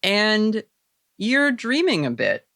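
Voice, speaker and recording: A man narrating as game master of a tabletop role-playing game, setting scenes in a measured, descriptive way. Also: sits high, wildly swooping pitch, vocal fry, sharp tone, no room sound, studio quality.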